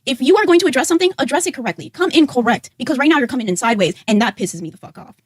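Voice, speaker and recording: A woman's voice: sits high, animated, racing, breathy edge, dry recording, clean studio sound. A woman co-hosting a live stream, bluntly scolding her co-host and swearing freely. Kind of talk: heated on-air confrontation.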